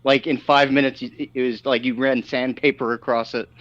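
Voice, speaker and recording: A man's voice: medium pitch, level tone, moderate pace, a bit bright, highs cut off. A man co-hosting a show, chatting loosely and laughing with easy swearing banter. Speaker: co-host. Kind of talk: casual chat.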